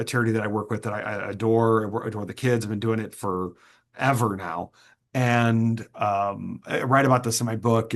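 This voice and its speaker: A man being interviewed, an earnest performer who tells stories with many halting restarts. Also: on the low side. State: choked up. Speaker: interview guest, sword swallower and performer. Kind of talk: reflective interview answers.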